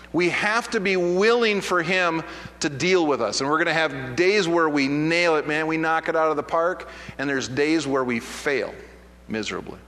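Male pastor, high and bright, conversational sermon storytelling, long hall reverb. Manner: conversational, self-deprecating storytelling with many restarts.

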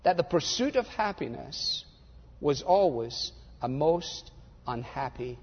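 An older man preaching a sermon, animated and sarcastic, mimicking voices to make his points. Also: fairly high pitch, slow, husky. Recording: dull lo-fi audio in a reverberant hall.

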